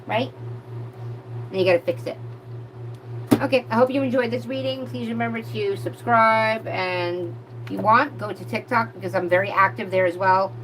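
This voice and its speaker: A woman giving a live tarot reading, reading cards aloud and breaking off into excited, profane outbursts. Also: mid-range voice, normal speed, background noise. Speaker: tarot reader.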